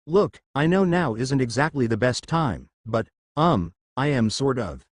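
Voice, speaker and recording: A man reading the lines of a sheepish, curious teenage boy with hesitant, halting speech. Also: medium pitch, big pitch swings, no echo.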